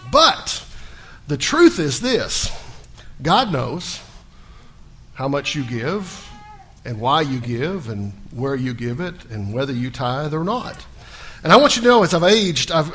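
A middle-aged man preaching a sermon as pastor, telling stories and voicing characters with lively emotion. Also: a little high. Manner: storytelling with animated panicky character voices.

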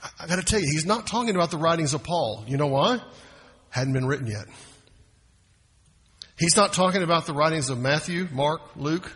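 A man's voice: a little high, lively intonation, fairly quick, long pauses, a bit bright, slightly rough, long reverb tail. A man preaching a sermon in a conversational, folksy way, often restarting his phrases. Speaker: pastor.

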